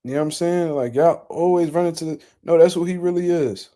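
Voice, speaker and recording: Man, blunt profane rant, mellow warm tone, casual reaction talk. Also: a little high, brisk. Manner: blunt, profane, incredulous ranting. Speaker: boxing commentary host.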